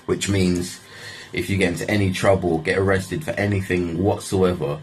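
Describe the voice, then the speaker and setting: A man's voice: sits low, slightly rough. A young man, telling a story in a casual, rambling way, full of swearing and "like". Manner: rambling, swears often, restarts lines with "like". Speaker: vlogger.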